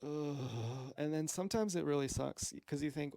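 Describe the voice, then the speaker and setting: A man's voice: on the high side, moderate pace, gravelly, hardly any pauses, mellow, no echo, clean studio sound. A man rambling through a meandering, profane, self-questioning monologue as a streamer.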